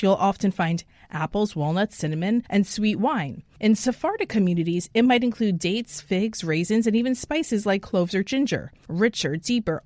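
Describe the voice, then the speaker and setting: A woman's voice: mid-range voice, a little mellow, no echo, studio quality. A woman hosting a radio food show, interviewing a guest and then reading a scripted segment with polished, upbeat delivery. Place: radio studio.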